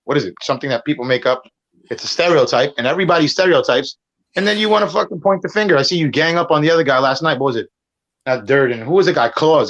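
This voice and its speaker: A man's voice: fairly high pitch, a bit bright. Heated, profane man on muffled audio. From Puerto Rico. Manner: profane, rambling, talks over others. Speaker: guest debater on a stream. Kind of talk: heated argument.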